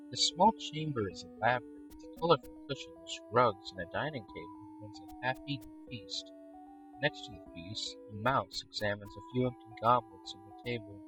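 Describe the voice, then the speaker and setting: A man with a fairly low voice reads a game's story aloud on his stream. Between passages he thinks out loud, humming and swearing freely. Faint music plays in the background. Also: rough recording. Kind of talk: reading a game aloud and reacting.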